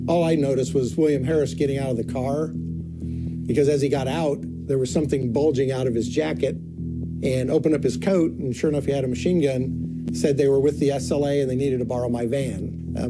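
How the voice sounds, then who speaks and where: A man in his sixties calmly recalling an event from his youth in a documentary interview. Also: medium pitch.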